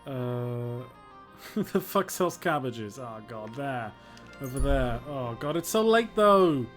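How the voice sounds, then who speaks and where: A man's voice: mid-range voice, expressive, takes it slowly, faint music behind. A man streaming a video game, joking and laughing as he talks to himself. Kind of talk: casual game commentary.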